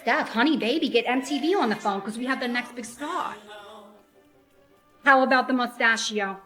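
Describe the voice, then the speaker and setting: Lady doing a sassy salon mom, bright sharp voice, pet names galore. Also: a little high, normal speed, faint music behind. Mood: doting. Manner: gushing, pep-talking, full of pet names. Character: sassy, doting hair salon owner mom. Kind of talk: comedy sketch acting.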